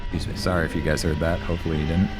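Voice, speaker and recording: A man's voice: extremely low pitch, flat delivery, racing, loud music behind the voice. A man co-hosting a live game stream, chatting casually in a rambling way and swearing now and then. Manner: rambling, swearing, loose storytelling. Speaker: streamer co-host.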